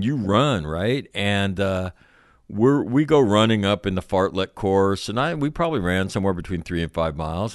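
Middle-aged man, very low smooth voice, dry close sound, rambling profane storyteller. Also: no echo. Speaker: former Marine officer recounting stories. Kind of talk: casual storytelling chat.

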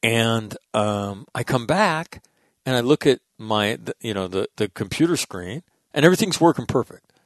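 A middle-aged man hosting, telling stories in a rambling, animated way with lots of restarts and casual swearing. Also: mid-range voice, normal speed, no echo. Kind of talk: casual storytelling monologue.

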